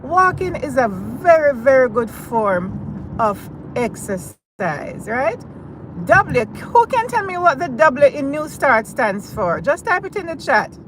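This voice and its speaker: High-voiced Jamaican woman chatting while driving. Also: sing-song, slow. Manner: chatty, addresses viewers directly. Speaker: live-stream host. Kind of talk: casual live-stream chat. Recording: car and road noise.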